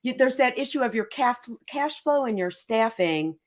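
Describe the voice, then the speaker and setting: A woman hosting a podcast, engaged and quick to agree, asking short follow-up questions. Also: fairly high pitch, animated. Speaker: podcast host. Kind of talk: casual interview chat.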